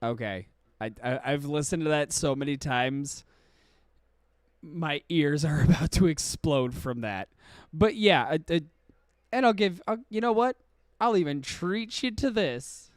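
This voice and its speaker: A man's voice: fairly high pitch, animated, measured pace, smooth, no room sound, studio quality. A male podcast host giving casual streamed commentary, with profane, exaggerated ranting.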